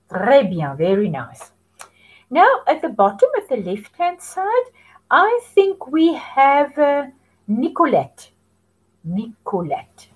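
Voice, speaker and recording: A woman's voice: mid-range voice, wildly swooping pitch, darkish tone, slightly rough, poor audio. A woman teaching French to young children, patiently modelling phrases for them to repeat. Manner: slow, patient, sing-song prompting for repetition. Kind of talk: children's language lesson.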